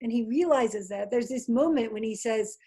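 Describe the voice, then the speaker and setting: A woman professor explaining a play in an interview over a video call, in a lively manner with frequent restarts. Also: on the high side, moderate pace, a little hiss or hum, rough recording. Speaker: Shakespeare professor.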